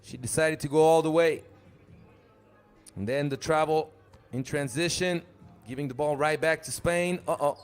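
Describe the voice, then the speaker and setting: A man's voice: on the high side, fairly even intonation, normal speed, pauses often, clean tone, faint music behind. A man doing live play-by-play commentary for a basketball tournament, joking and chatting between calls. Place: arena at a live 3x3 tournament.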